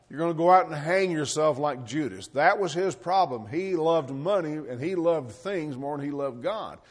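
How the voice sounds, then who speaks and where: Male pastor, slightly high voice, preaching with rhetorical questions. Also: animated, moderate pace. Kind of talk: sermon.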